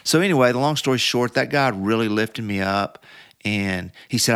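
A middle-aged man speaks in a lowish, smooth, clear voice, recorded dry and close. He tells his story casually and rambles, full of fillers and restarts. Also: animated, moderate pace, fairly bright tone, no room sound. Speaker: podcast guest.

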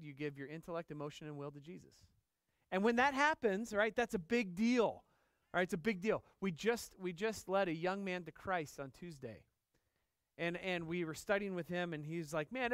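A man's voice: high-pitched, smooth, dry recording, studio quality. A middle-aged male pastor preaching a sermon, emphatic and repetitive, often asking the congregation questions. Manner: emphatic, repeats key phrases, asks the congregation questions; acts out dialogue in lively voices.

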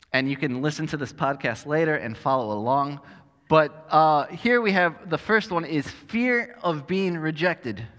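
A man's voice: on the high side, a bit bright, long reverb tail. A man preaching a sermon as pastor, conversational and self-deprecating with touches of humor.

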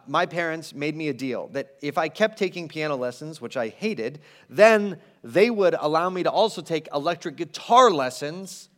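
A male pastor with a high-pitched voice delivers a sermon. He is animated and conversational, and he slips in self-deprecating asides.

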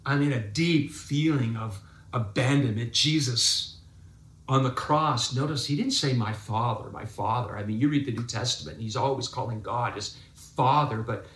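A male pastor delivering a sermon in a bright, forceful voice. He talks emphatically, drawing out phrases and repeating words for stress. The sound carries the reverberation of a large echoey church space. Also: mid-range voice, normal speed.

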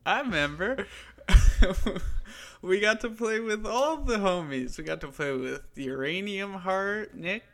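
Bright-voiced upbeat young man. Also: high-pitched, slow. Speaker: podcast co-host. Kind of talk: casual podcast chat.

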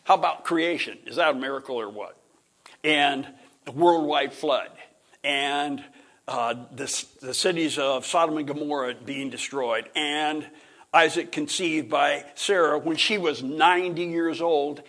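A middle-aged man teaching a Bible lesson in an informal lecture style, rambling, restarting sentences, clearing his throat and chuckling. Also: on the high side, unhurried, a bit bright.

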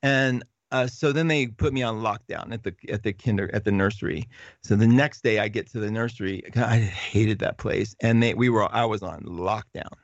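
A middle-aged man hosts a casual live chat, answering viewer comments and drifting into stories. His gravelly voice sounds dry and close. The recording is dull and lo-fi. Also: lowish voice, moderate pace, no echo. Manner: animated, rambling with restarts and laughs. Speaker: livestream host reading viewer comments.

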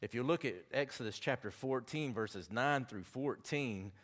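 A man's voice: medium pitch, moderate pace, a bit bright. A man with a Southern accent preaching a sermon, chatty and folksy, with asides between the scripture readings.

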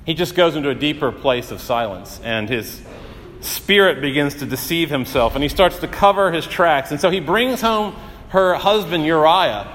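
A male pastor delivering a sermon, telling stories earnestly with dramatic pauses and rising emphasis. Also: fairly high pitch, expressive, fairly bright tone, big-room sound, slight background noise.

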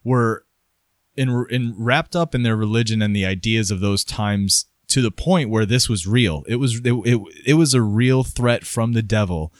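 A man co-hosting a casual history podcast, joking and telling stories in an animated way. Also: lowish voice, moderate pace, dry recording, studio quality. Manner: jokey, animated storyteller.

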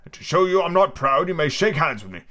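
A man's voice: a little high, big pitch swings, fast, a bit bright, voice pushed up. A man voicing a pompous, touchy male egg-shaped creature who talks down with scornful growls in an amateur podcast book reading. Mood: haughty.

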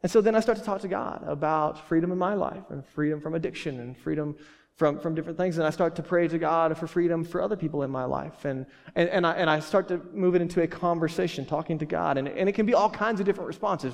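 A man's voice: fairly high pitch, fast, creaky. A man preaching a sermon as pastor, casual and joking, full of fillers and restarts. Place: church hall. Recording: reverberant church hall.

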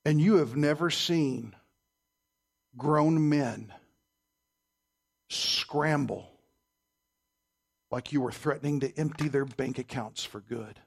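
A man delivers a sermon in a church, his voice sitting high for a man. He is emphatic and keeps quizzing the congregation. He swings between loud and soft as he preaches. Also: slow pace, vocal fry, long pauses, husky. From Southern United States. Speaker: pastor.

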